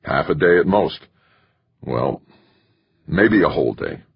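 A man's voice: rumbling low, big pitch swings, slow pace, gravelly, slightly rough, dry recording, exaggerated voice. A man voicing an eager, insistent male scientist in an audiobook, speaking fervently. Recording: dull lo-fi recording.

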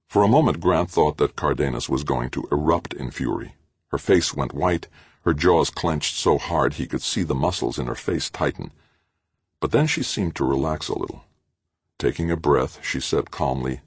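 Very deep, gravelly male audiobook narrator. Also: moderate pace, no echo. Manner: steady, expressive reading.

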